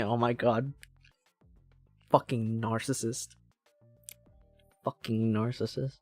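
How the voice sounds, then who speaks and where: A game streamer chatting casually while playing, rambling through tangents and swearing freely. The voice rises and falls in lively swings. It sits dry and close to the mic, with faint game music behind. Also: mid-range voice, unhurried, long pauses, no echo. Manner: rambling, profane, self-interrupting.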